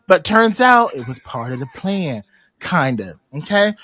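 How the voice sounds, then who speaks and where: A man hosting a podcast, recapping an episode in animated casual chat and slipping into slangy voices as he quotes characters. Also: high voice, normal speed, no room sound. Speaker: podcast host. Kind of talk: casual recap among friends.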